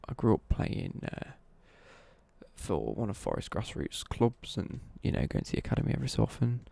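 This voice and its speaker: A young man talks through a live stream at home, rambling and self-correcting as he answers viewers. His voice is mellow, dark and edged with gravel. The sound is dry and close. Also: fairly low pitch, big pitch swings, moderate pace, no room sound. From East Midlands, England.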